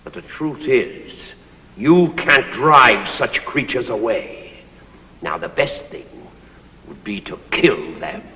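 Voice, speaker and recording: A pompous old master. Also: male voice, medium pitch, very animated, slow pace, sharp tone, exaggerated voice. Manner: grandiloquent, theatrical declamation. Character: pompous, overbearing old man ruling a servant. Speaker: stage actor. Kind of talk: stage play performance. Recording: echoey stage hall recording.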